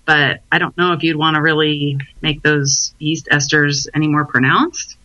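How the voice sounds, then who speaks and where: A woman's voice: low-pitched, level tone, moderate pace, bright, forceful tone, highs cut off. A woman, a guest on a podcast, chatting loosely and giggling now and then. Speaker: guest homebrewer. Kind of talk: casual homebrewing chat.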